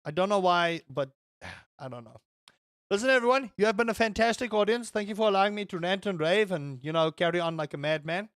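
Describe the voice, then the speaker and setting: Young male streamer with a fairly high voice, rambling and swearing while he chats over gameplay. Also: a little fast, a bit bright, no room sound, clean studio sound. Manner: rambling, swears, answers chat and reacts to the game. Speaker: livestreamer. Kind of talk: casual gaming stream chat.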